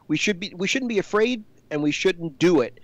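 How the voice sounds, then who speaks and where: A man's voice: sits high, expressive, normal speed, lo-fi sound. A man on a political panel, rambling and restarting his sentences. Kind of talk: heated political debate.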